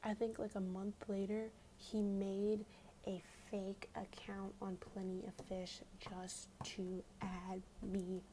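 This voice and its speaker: A woman's voice: medium pitch, level tone, slow pace, dark tone, a little hiss or hum. A young woman telling a story in whispered ASMR storytime, chatty and full of fillers, close to the mic at home. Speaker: ASMR creator.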